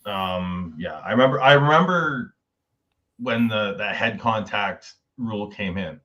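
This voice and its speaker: A man with a fairly low voice heard through muffled, lo-fi audio. He co-hosts a casual podcast and rambles, stringing thoughts together loosely. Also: expressive, a little slow, fairly bright tone. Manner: rambling, listing thoughts aloud.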